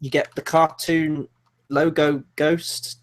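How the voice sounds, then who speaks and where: A man co-hosting a film podcast, chatting casually in an animated, rambling and sarcastic way. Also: a little high, takes it slowly. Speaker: podcast co-host. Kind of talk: casual film review chat.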